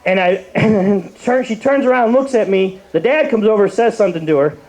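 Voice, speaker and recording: High-pitched young man, open mic stand-up, rambling, hesitant, lots of fillers. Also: a little fast, a little mellow, poor audio. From Cleveland, Ohio. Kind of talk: stand-up comedy set.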